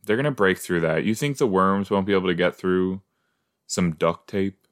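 A man's voice: sits low, lively intonation, normal speed. A man hosting a podcast, chatting casually as he reacts to an episode he is watching, with frequent exclamations and groans of disgust. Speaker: podcast host.

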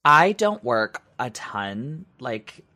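A man co-hosting a podcast while sick, his voice raspy, chatting casually and trailing off with fillers. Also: mid-range voice, sing-song, extremely slow, sharp tone, dry recording. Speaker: podcast co-host. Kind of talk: casual chat.

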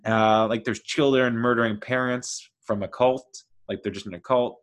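A man's voice: medium pitch, steady tone, normal speed. A man chatting casually as he reviews a TV series, rambling and enthusiastic, with lots of fillers. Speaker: TV show reviewer.

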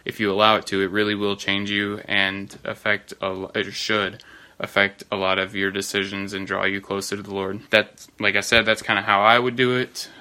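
A man hosting a podcast, explaining his study method in a steady, instructive way. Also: fairly low pitch, clean tone. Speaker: podcast host. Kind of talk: casual podcast talk.

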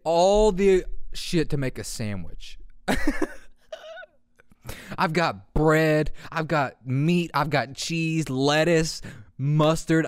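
A man in his early twenties hosting a podcast, telling a story in a casual, profane, animated way and laughing often. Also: mid-range voice, no room sound, studio quality. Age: early 20s. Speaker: podcast host.

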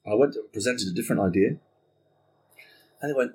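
A man guest on a podcast, telling a story in casual conversation, animated and swearing freely while acting out what people said. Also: fairly low pitch, brisk, husky.

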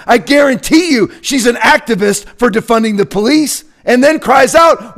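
A man delivers a heated sermon from the pulpit. His voice sits high to begin with and climbs even higher as he presses one rhetorical question after another. At its peaks it breaks into shouting. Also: normal speed, few pauses. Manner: voice climbs high when agitated. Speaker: pastor. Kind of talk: political sermon rant.

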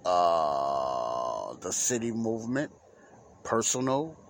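A man's voice: low voice, big pitch swings, slow, a little hiss or hum. A man hosting a Christian talk podcast, rambling and emphatic like a preacher. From United States. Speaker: podcast host.

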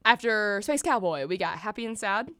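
A woman's voice: mid-range voice, expressive, moderate pace, bright, forceful tone, no room sound, studio quality. A young woman from Tennessee co-hosting a casual podcast chat, laughing often and filling her talk with "like". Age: young adult. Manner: giggly, lots of "like" fillers. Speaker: podcast co-host.

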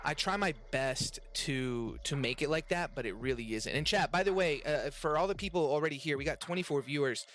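Talking fast with hardly a pause, a man with a slightly high, fairly bright voice and an American accent rambles about restaurant serving. He's a server and podcast co-host, and his casual chat keeps restarting mid-thought.

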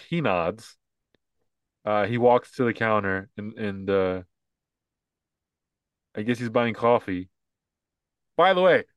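A man's voice: fairly bright tone, dry recording. Dry-voiced man in mocking chat. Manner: mocking, acts out ad lines in high put-on voices. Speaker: podcast co-host. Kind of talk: casual opinionated chat.

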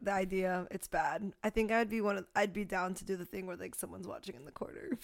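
A woman's voice: mid-range voice, fairly even intonation, fast, no room sound, clean studio sound. A young woman co-hosting a podcast in casual chat, blunt and crude and joking. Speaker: podcast co-host.

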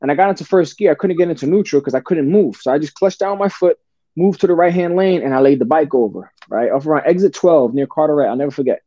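A man's voice: on the high side, fast, warm tone, dry recording. A man as a podcast guest telling his story in a casual, profane way, often calling the listener "brother" and restarting his sentences. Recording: dull lo-fi podcast audio.

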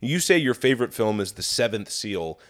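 A man co-hosting a podcast, talking casually with lots of swearing and animated storytelling. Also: lowish voice, a little fast, crowd noise. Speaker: podcast co-host. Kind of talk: casual chat.

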